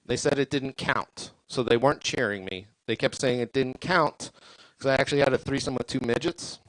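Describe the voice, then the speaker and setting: A man performing a stand-up set at a comedy club, delivering deadpan punchlines into a stage mic. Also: medium pitch, normal speed, no echo, rough recording.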